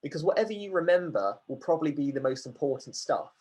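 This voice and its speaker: A man's voice: on the high side, sing-song, fast talker, darkish tone, breathy edge. A man running an online workshop, chatty, reading out questions from the chat and answering them. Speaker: workshop facilitator.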